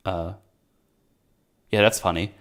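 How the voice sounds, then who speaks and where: A young podcast host with a low, clean, smooth voice walks through a movie scene by scene at a slow pace, keeping the chat loose and casual. Animated and mocking, he keeps dropping into jokey quotes from the characters.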